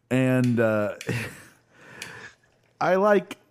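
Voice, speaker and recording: A man's voice: medium pitch, sing-song, normal speed. A man casually chatting as podcast co-host, retelling scenes with lots of fillers. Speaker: podcast co-host recapping a show. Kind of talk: casual chat.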